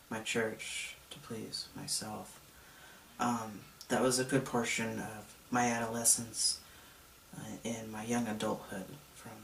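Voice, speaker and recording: Slow, reflective man in an echoey room. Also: on the low side, creaky, a bit bright, slight background noise. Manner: reflective, confessional storytelling. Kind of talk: personal testimony vlog. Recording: echoey room, mic at a distance.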